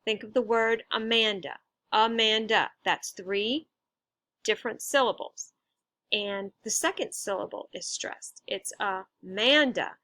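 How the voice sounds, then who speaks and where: A woman's voice: medium pitch, bright, forceful tone, no room sound. A woman teacher patiently explaining a lesson, stressing syllables as she goes. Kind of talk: recorded instructional lesson.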